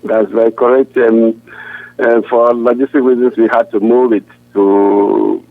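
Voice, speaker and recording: An earnest male pastor speaks over a tinny, dry phone line at a middle pitch. He talks haltingly and often restarts his sentences. The narrow sound has no room in it. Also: little pitch movement, creaky, no room sound, faint music behind.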